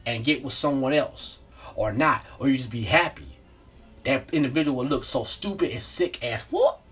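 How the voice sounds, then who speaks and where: Blunt husky man ranting about love. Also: on the high side, fairly bright tone. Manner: blunt, profane, repetitive, preachy. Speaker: podcast host. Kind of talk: unscripted relationship rant.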